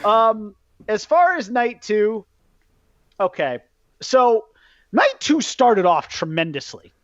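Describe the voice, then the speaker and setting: A man hosting a podcast, ranting in a casual, profane way about a wrestling event, jumping between loud outbursts and low muttering. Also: very animated, slow pace, no room sound. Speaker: podcast host. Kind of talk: casual wrestling recap rant. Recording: dull lo-fi podcast mic.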